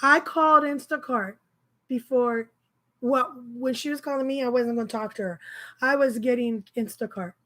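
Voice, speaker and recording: A woman with a high, bright voice tells a story in a casual vlog. Her delivery is animated and exasperated, and she often laughs as she goes. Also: normal speed. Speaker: grocery delivery shopper.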